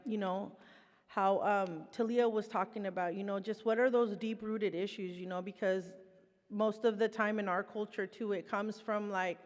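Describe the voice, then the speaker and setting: A woman's voice: medium pitch, steady tone, normal speed, big-room sound. A woman giving a conversational, heartfelt presentation as a recovery program participant. Her talk is loose and full of fillers.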